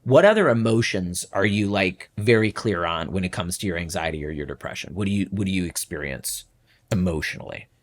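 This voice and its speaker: A man's voice: deep voice, lively intonation, a little fast. A man hosting a podcast as a coach, explaining patterns step by step and often checking in with "right?". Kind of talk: coaching conversation.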